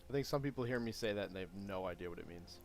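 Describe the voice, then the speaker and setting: A man's voice: low-pitched, rapid-fire, faint music behind. Man chatting while coding on stream. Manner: rambling, self-talk with sudden excited outbursts. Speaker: game developer streaming his coding. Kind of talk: casual live-stream chat while coding.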